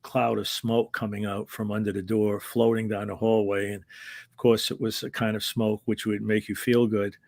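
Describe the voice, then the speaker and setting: A man's voice: on the low side, flat delivery, moderate pace, vocal fry, darkish tone. A man, a former wrestling referee, telling anecdotes in an interview in a hesitant, rambling way and chuckling as he goes. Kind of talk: casual anecdotal storytelling.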